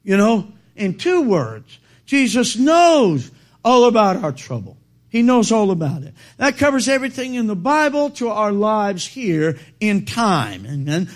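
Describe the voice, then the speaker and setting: A man preaching a sermon, quoting scripture and calling for amens, with halting restarts that build to loud, emphatic peaks. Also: sits high, very animated. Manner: quotes King James scripture, calls for amens.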